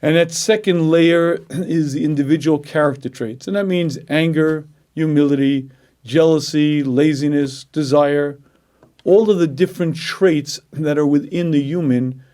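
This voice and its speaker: A man lecturing on Jewish ethics with a somewhat high voice. He clears his throat often and acts out inner voices in an animated way. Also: unhurried. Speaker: Torah lecturer.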